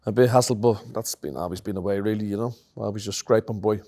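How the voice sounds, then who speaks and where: Middle-aged Irish male guest: a low-pitched, easygoing talker who muses aloud. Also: fast. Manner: relaxed and reflective, many "you know" fillers. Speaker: musician guest. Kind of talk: conversational interview.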